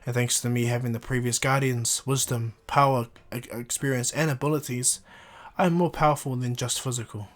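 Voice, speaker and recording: A man voicing a calm, all-powerful alien guardian with a soft, measured, reassuring manner, close to his own voice. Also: medium pitch, close to an everyday voice.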